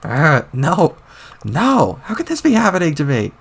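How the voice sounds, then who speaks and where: A man voicing a haughty tyrant woman, shrill and indignant. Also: wildly swooping pitch, unhurried, gravelly, breathy edge, full character voice. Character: haughty tyrant woman losing her cool.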